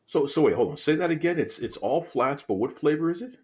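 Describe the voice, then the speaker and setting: A man's voice: fairly high pitch, expressive, brisk, darkish tone, slightly rough. A man from Boston hosting a casual interview, teasing his guest playfully and often repeating words as he starts a sentence. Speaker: podcast host.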